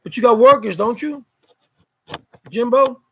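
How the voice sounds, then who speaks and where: A man's voice: extremely high pitch, measured pace, sharp tone, husky, poor audio. A man hosting a casual live stream chat, greeting viewers by name in a loose, repetitive way.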